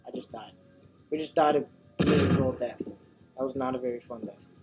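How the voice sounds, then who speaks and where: A young man giving excitable live commentary while playing a video game, yelping and shrieking whenever his character dies. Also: medium pitch, a little fast, faint music behind. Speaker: gamer.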